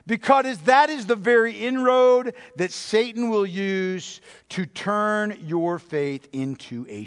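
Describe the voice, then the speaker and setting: A man preaching a sermon as a pastor, emphatic, repeating phrases and slowing down to stress key words. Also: high-pitched. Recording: long reverb of a large hall.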